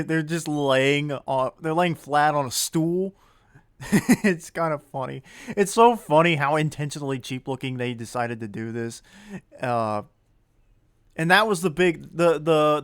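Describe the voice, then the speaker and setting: A man's voice: medium pitch, smooth, dry recording, studio quality. A man giving a casual spoken movie review, rambling with many fillers and self-corrections and chuckling now and then. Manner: chuckles as he talks.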